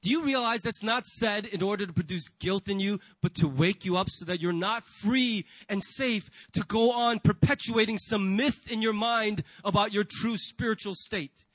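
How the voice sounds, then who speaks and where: High-voiced male pastor preaching. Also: normal speed, hardly any pauses, fairly bright tone, dry recording, low-quality recording. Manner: rhetorical questions and acted-out inner voices. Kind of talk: sermon. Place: church.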